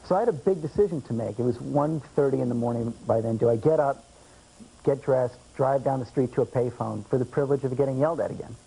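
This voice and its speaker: A man in his thirties, a guest on a late-night show, tells dry, self-deprecating stories. His voice is gravelly and a little husky. The sound comes off an old VHS broadcast tape. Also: medium pitch, quick pace, warm tone, poor audio. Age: 30s. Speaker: talk show guest, former political adviser. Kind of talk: anecdotal storytelling. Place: TV studio. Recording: VHS archive tape with faint hiss.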